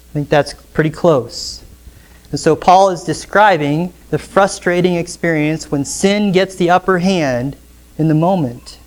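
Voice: mid-range voice, unhurried. A pastor preaching an expository sermon in church, often asking the congregation rhetorical questions.

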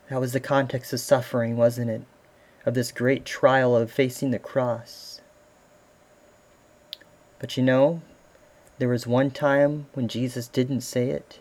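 A man's voice: medium pitch, a little mellow. Earnest male pastor preaching a sermon. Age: adult father. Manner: earnest, with rhetorical questions to the listeners.

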